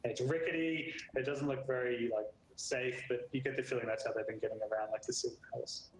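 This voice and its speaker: An Australian man runs the tabletop game as dungeon master. He narrates in a relaxed way, leaning on fillers and now and then slipping into other characters. His voice echoes in the room over a faint noise floor. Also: mid-range voice, fast.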